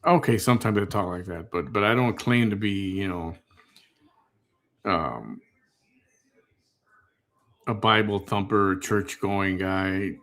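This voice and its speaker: A man's voice: low-pitched, takes it slowly, long pauses, a bit bright. A man hosting, commenting on a replayed clip in a wry, critical, laid-back way. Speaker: commentary host. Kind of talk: casual commentary.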